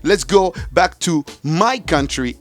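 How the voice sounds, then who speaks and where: A man's voice: fairly high pitch, expressive, slow pace, soft background music. A man hosting a live radio talk show from a studio, teasing and laughing with his guests.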